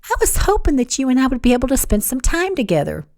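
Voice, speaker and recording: A woman's voice: fairly low pitch, huge pitch swings, a little fast, no echo, studio quality. A woman voicing a scheming young woman with a cooing, sugary drawl in an audiobook.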